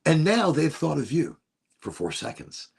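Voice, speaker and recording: A man's voice: a little high, very animated, measured pace, vocal fry, a little mellow, slightly rough. A middle-aged man hosting a podcast, rambling profanely in a casual monologue. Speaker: podcast host.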